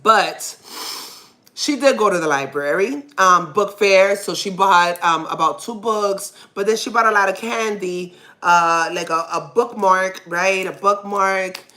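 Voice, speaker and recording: A woman's voice: mid-range voice, a little slow, pushed and bright. A mother hosting her own podcast, telling a personal story in a candid, rambling way and laughing when nervous.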